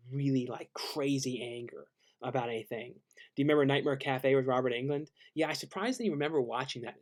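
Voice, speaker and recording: A man casually hosting a live-stream Q&A, laid-back and halting as he reads out viewer questions and answers them. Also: medium pitch.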